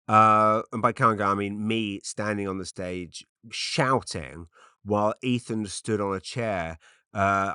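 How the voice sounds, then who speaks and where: A middle-aged English man hosting a podcast, telling rambling comic stories with quick asides and restarts. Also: fairly low pitch, sharp tone, clean tone, no echo, clean studio sound. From England. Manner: chatty, self-interrupting, quick asides. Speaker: podcast host. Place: makeshift home studio padded with cushions.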